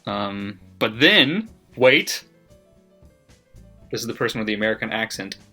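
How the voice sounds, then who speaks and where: Bright-voiced, chatty man vlogging. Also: on the low side, big pitch swings, a little slow. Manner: laughing, chatty, swears freely. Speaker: book vlogger. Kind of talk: casual reading of margin notes. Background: faint background music.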